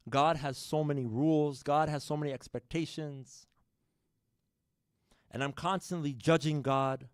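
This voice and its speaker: Preaching in what seems a mosque or community hall, a man tells the congregation a story and calls them brothers and sisters, animated and swinging widely in loudness. His voice is on the high side, and the recording is dry with clean studio sound.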